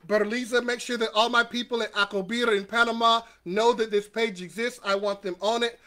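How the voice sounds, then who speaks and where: Middle-aged male host, upbeat motivational livestream, repeats lines for the audience, bright and forward tone. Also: very high voice, a little fast. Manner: energetic, repeats lines for viewers to echo; greets viewers by name. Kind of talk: upbeat motivational live talk.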